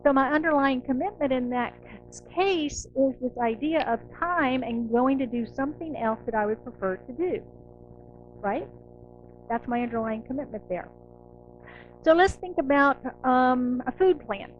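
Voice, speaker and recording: A middle-aged woman minister giving a conversational, animated sermon, acting out inner voices. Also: high voice, moderate pace, muffled recording, slight background noise. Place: church sanctuary.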